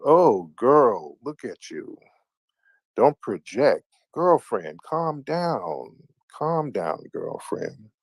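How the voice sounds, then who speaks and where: In a husky, sing-song voice delivered extremely slowly, a man hosts a late-night livestream call-in show, mocking and taunting his callers in casual banter. The recording is dry.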